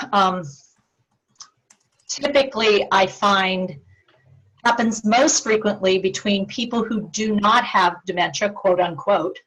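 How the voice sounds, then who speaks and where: A woman giving a talk on dementia care communication, earnest and clear, acting out example phrases as she goes. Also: mid-range voice, fairly bright tone, low-quality recording. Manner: earnest, acts out sample phrases with shifting tone. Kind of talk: presentation to a support group.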